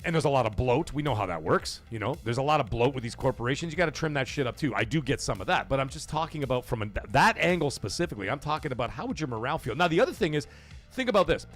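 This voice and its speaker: A man's voice: racing, soft background music. A man hosting a gaming livestream, ranting casually with lots of swearing and rhetorical questions, acting out quoted voices. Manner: profane, animated, rhetorical questions; acts out quoted voices with pitch jumps. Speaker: livestream host.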